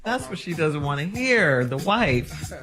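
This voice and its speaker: Radio co-host lady, quick dry comebacks, lively up and down voice, soft music behind. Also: low-pitched. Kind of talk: radio talk and promo reads.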